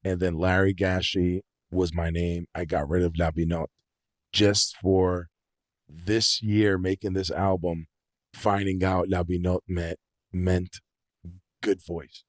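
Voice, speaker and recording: A young man on a podcast as the guest, telling stories in an animated, casual way and swearing freely. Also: deep voice, slow, no echo, studio quality. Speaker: podcast guest, singer-songwriter. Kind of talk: casual storytelling chat.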